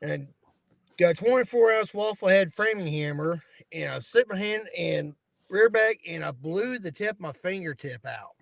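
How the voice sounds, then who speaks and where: A man's voice: high-pitched, expressive, moderate pace, vocal fry, fairly bright tone, dry recording, low-quality recording. A man telling rambling work stories in casual chat, laughing at himself.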